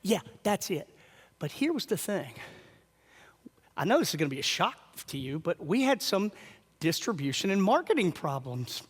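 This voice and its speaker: A man telling animated stories as a speaker at a conference, acting out the voices of the people he quotes. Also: sits high, moderate pace, slightly rough, big-room sound. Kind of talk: storytelling talk.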